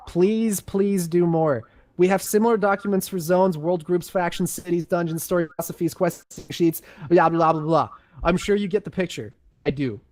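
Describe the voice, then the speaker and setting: A man's voice: high voice, brisk, darkish tone. A young man reading game lore aloud on voice chat, breaking off for chatty, self-mocking asides. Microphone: headset on voice chat.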